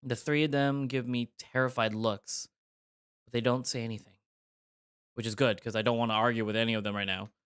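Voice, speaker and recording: A man reads a visual novel aloud on a live stream, narrating in the first person. His voice sits at an ordinary middle pitch. He breaks off now and then for casual, joking remarks. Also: steady tone, fairly quick, a bit bright, smooth, no echo, studio quality.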